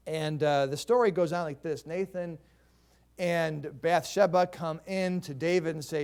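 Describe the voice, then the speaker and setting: Pastor guy giving a sermon, fairly high voice, chatty storytelling. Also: fairly even intonation, unhurried, darkish tone, smooth. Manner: conversational storytelling preacher.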